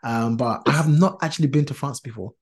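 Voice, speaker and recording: A man's voice: medium pitch, quick pace. A man hosting a casual podcast chat, earnest and talkative, with many fillers and restarts, laughing easily. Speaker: podcast host.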